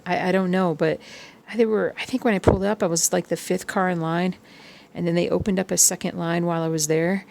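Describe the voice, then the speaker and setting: A woman chatting casually while she stitches, rambling through everyday stories and sometimes humming or singing softly along to music. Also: lowish voice, creaky, a little hiss or hum. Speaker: cross-stitch vlogger.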